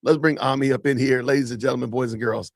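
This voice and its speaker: A man's voice: medium pitch, steady tone, fast talker, no echo, studio quality. Upbeat, chatty male podcast host. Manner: upbeat, chatty, shout-outs to the audience. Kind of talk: casual commentary chat.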